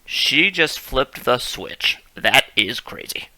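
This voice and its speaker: A man's voice: mid-range voice, sing-song, takes it slowly, sharp tone. A man hosting a let's-play, commentating on gameplay in a playful, jokey way and talking straight to viewers. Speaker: gaming host.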